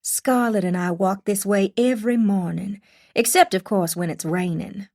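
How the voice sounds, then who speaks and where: A woman reading an audiobook and voicing a friendly young mother with a Southern accent who talks slowly and gently. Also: mid-range voice, pitched above the performer's own voice, natural voice. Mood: confiding. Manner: slow, gentle, confiding.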